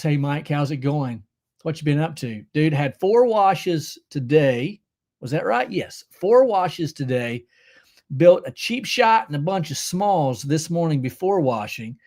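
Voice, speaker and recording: Man hosting a livestream from home, slightly high voice, casual and joking. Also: darkish tone. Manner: joking, chummy, reads out viewer comments. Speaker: livestream host.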